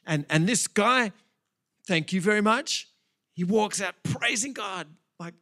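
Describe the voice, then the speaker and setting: A man preaching a sermon in a church, telling a Bible story with animated, chatty asides. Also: on the high side. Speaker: pastor.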